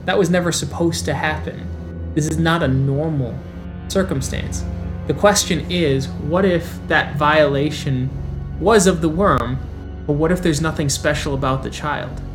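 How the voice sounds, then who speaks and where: A player speaking as a male werewolf elder, addressing a council in a measured, persuasive way with rhetorical questions. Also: mid-range voice, over music, lightly acted. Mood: earnest. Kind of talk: in-character roleplay speech.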